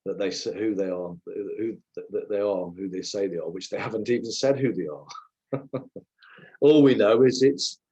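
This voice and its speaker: A man rants on a livestream. His voice sits low and his tone is mellow and dark, but his talk is indignant and full of swearing. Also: a little slow, dull audio. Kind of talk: angry livestream commentary.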